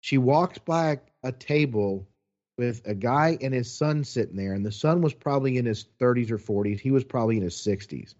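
A man's voice: mid-range voice, a little fast, highs cut off. Chatty man telling a story. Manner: animated, chatty, quotes people as he goes. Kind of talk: casual storytelling.

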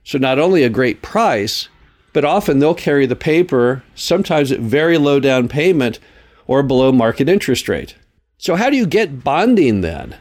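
A man talks through his podcast alone, earnest and explanatory. His pitch sits in an ordinary middle range, and he lingers on key words, doubling them for emphasis. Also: sing-song, normal speed, darkish tone. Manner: earnest, explanatory, leans on repeated phrases. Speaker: podcast host. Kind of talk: solo podcast talk.

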